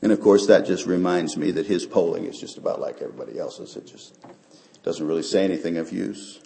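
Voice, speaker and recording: A man's voice: low-pitched, brisk, creaky, warm tone, a little hiss or hum. A man preaching a sermon as pastor, talking earnestly and building up to emphatic peaks. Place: church sanctuary. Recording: echoey church sanctuary.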